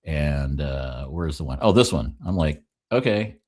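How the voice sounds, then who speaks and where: A man's voice: extremely low pitch, unhurried, darkish tone. A man on a casual political talk panel, wry and joking, often laughing at his own remarks. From Oregon. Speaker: regular panelist.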